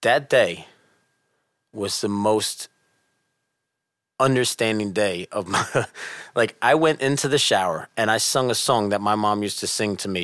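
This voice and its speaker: A middle-aged man telling a personal story in casual chat, animated and earnest, dropping softer at tense moments. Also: on the low side, measured pace, pauses often, dry recording, studio quality.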